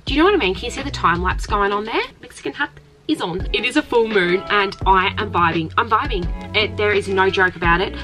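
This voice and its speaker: A young woman records a casual vlog inside a caravan, her voice at an ordinary mid pitch. She rambles in a hyper, giggly way and swears freely. Clear music plays behind her. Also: fairly quick, bright, forceful tone. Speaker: vlogger. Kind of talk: casual vlog talk to camera. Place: caravan, indoors.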